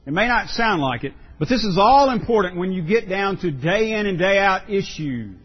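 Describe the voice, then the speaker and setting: A pastor preaching a sermon, earnest and emphatic, often repeating words for stress. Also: male voice, sits high, expressive, normal speed, breathy edge, lo-fi sound.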